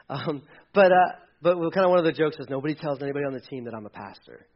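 A male pastor preaching a sermon in a conversational way, moving between soft asides and loud, emphatic readings. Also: a little high, fairly quick, dull audio.

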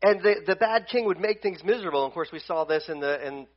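A male pastor preaching a conversational sermon at a church service, animated and full of restarts. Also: high voice, fast talker, highs cut off.

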